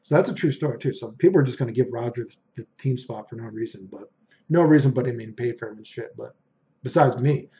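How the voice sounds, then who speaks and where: A man's voice: medium pitch, fast talker, warm tone, muffled recording. A man casually telling a long story, rambling, swearing and getting heated as he goes. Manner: rambling, profane, heated retelling.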